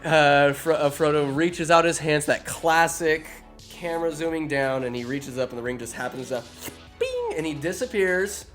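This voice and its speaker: A man hosting a podcast, recapping a film in an animated, joking way, swearing and doing goofy character voices. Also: on the high side, normal speed, faint music behind. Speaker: podcast host. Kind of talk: comedic movie recap. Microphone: phone.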